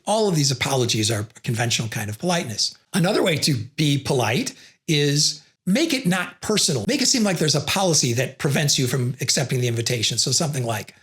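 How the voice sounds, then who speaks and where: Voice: medium pitch, big pitch swings, fast talker, a bit bright. A presenter explaining communication theory, who acts out sample refusals between the explanations. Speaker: educational video presenter.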